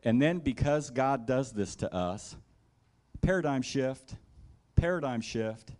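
Man preaching with animated storytelling. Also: medium pitch, takes it slowly. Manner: animated storytelling, acting out scenes in the first person; conversational, with asides like "right?". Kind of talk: sermon.

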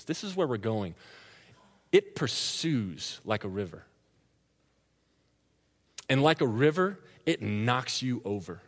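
A man preaching a sermon, telling a story with lively energy and laughing as he goes. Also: mid-range voice, takes it slowly, long pauses. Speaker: pastor. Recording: long reverb of a large hall.

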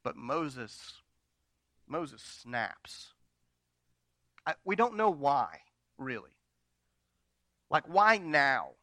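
A man preaching a sermon from slides. He swings between loud, dramatic retellings and quiet, intimate asides to the congregation. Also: a little high, very animated, very slow, long pauses, no echo. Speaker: pastor.

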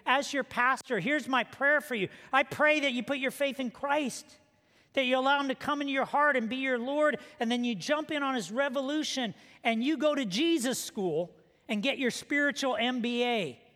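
High-voiced preacher in a reverberant hall. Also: male voice, bright, forceful tone. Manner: storytelling, acting out quoted voices. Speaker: pastor. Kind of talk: sermon. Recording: long reverb of a large hall.

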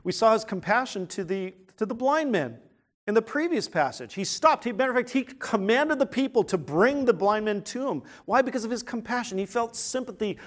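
In a high, animated voice, a male pastor preaches briskly and earnestly, firing off rhetorical questions while alternating between hushed quiet and loud emphasis.

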